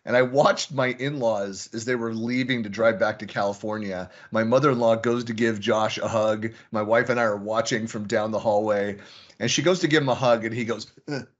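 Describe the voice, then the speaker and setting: A man's voice: lowish voice, fairly even intonation, moderate pace, muffled recording. A middle-aged man hosting a casual online panel, a chatty storyteller who laughs often. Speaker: host.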